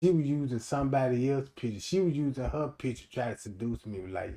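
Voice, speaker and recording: A man doing a loud comedic livestream rant, animated and profane, laughing often and acting out quotes in different voices. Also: mid-range voice, fairly quick, few pauses. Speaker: streamer.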